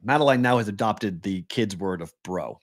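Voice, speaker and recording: A man's voice: on the low side, animated, moderate pace. A man with a Boston accent co-hosting a casual sports talk show, telling stories and laughing often. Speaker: co-host.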